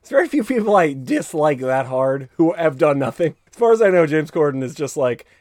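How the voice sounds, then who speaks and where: A man's voice: fairly high pitch, sing-song, fairly quick, a little mellow, dry recording, clean studio sound. A man co-hosting a podcast in casual chat, sarcastic and profane, ranting and joking. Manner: sarcastic, profane, rants with jokey put-on voices. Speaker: podcast co-host.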